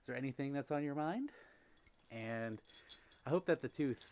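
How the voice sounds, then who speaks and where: A man's voice: medium pitch, moderate pace, muffled recording. A young man hosting a holiday livestream in a casual, gushing way, reading out and answering chat messages. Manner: gushing, softly animated, reads out chat messages. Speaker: livestream host.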